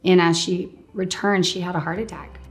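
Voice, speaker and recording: A woman casually telling a personal story as an interview guest, animated and quick to laugh, often saying "like" and "um". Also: fairly low pitch, faint music behind. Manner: animated, laughs often, acts out what others said; fills speech with "like" and "um". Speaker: guest sharing a healing testimony.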